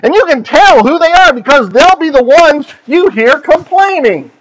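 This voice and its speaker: A male pastor preaching a sermon, telling stories in an animated, playful way. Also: very high-pitched, normal speed, low-quality recording.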